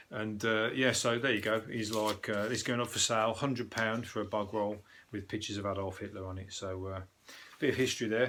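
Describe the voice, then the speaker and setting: A man's voice: fairly low pitch, fairly bright tone. A man from Birmingham with a Birmingham accent, a comedian hosting a casual comic news review in a rambling, sweary, scornful way. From Birmingham, England. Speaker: comedian host.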